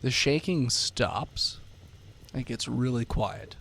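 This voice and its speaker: A man runs a tabletop game as game master, describing the scenes casually and with fillers. His voice is gravelly, and his pitch moves about a lot. He sits in the middle of the range for a man. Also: animated, takes it slowly, a bit bright.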